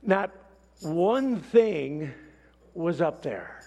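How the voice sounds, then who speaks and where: A man preaching a sermon, telling a story with lively swings from hushed to shouted. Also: fairly high pitch, drawn-out words, vocal fry. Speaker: pastor. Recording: long hall reverb.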